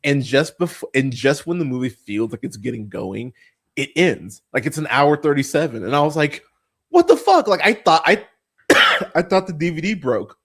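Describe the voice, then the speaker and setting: This man's voice is medium-pitched, expressive, and a bit bright. Hosting a podcast, he keeps the chat casual, rambling along with plenty of profanity, fillers, and false starts.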